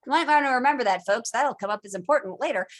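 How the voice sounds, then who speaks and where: Chatty higher-pitched woman teaching online. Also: fast talker. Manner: chatty and animated, acts out historical figures in jokey quoted voices. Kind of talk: casual online lecture. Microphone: video call.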